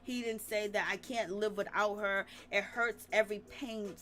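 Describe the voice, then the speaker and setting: A woman hosts a live-stream recap of reality TV, retelling the drama animatedly and laughing often. Her mid-range voice is a bit bright, with fairly even intonation and a moderate pace.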